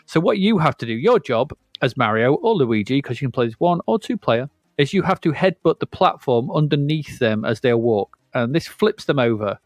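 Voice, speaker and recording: A man's voice: mid-range voice, big pitch swings, normal speed, hardly any pauses, no echo, studio quality. A man co-hosting a podcast, chatting casually about retro video games and often stopping to correct himself. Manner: rambling, self-correcting, chatty. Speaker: podcast co-host. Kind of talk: casual retro gaming chat.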